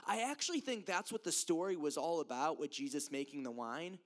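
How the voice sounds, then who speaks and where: A young American man, a youth preacher, delivers a casual yet earnest sermon, speaking directly to his audience and occasionally laughing at himself. His voice is fairly high, animated, and a little fast.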